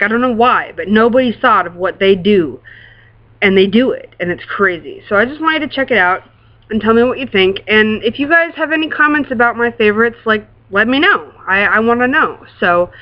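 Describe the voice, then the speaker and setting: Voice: mid-range voice, dull audio. An adult vlogger who works in a classroom, chatting casually to camera in a rambling, gushing way, full of fillers and casual swearing.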